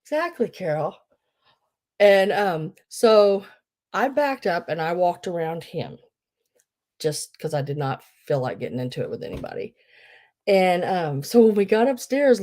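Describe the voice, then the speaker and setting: A woman's voice: mid-range voice, very animated, a little slow, darkish tone. A woman hosting a live online sale, telling rambling, chatty stories full of fillers. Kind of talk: casual live-sale chat.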